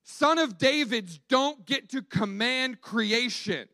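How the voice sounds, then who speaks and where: High-voiced man preaching in a chatty way. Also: lively intonation, slow, bright, forceful tone, dry recording. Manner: conversational, emphatic, repeats words as he restarts. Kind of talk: sermon.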